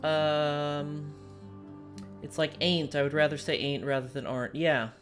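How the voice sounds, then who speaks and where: A woman's voice: deep voice, little pitch movement, a little slow, soft background music. An American woman streamer with a General American accent, chatting casually and thinking aloud while she plays a strategy game. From United States. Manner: thoughtful and digressive, thinking aloud.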